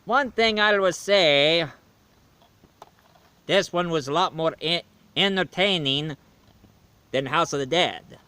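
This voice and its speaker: Dracula, as a man plays him, reviews an old game in a bright, slightly raised voice. He talks slowly and rambles, correcting himself as he goes. He sounds like a weary vampire who wants no more killing. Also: fairly high pitch, slight background noise. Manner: slow, rambling, self-correcting. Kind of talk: in-character video game review.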